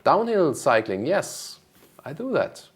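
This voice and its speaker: A man, hosting a car channel and casually answering viewer questions, relaxed and thinking aloud with lots of ums. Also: fairly high pitch, slow, slightly rough. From Germany. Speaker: car review host.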